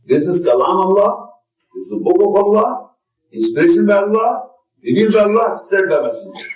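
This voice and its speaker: A man's voice: high-pitched, expressive, brisk. A man gives a religious lecture, answering a questioner in an insistent, repetitive, emphatic way. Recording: echoey room, distant mic.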